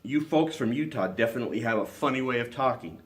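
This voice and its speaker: A man reading aloud and voicing an earnest, gently teasing young man in a storybook. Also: mid-range voice, lively intonation, fast talker, close to an everyday voice.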